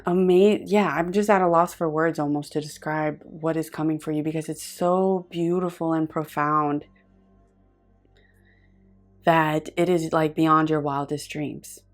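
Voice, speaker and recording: Earnest low-voiced woman tarot reader. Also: steady tone, soft background music. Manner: earnest, effusive and intuitive, with frequent pauses and restarts. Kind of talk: pick-a-card tarot reading.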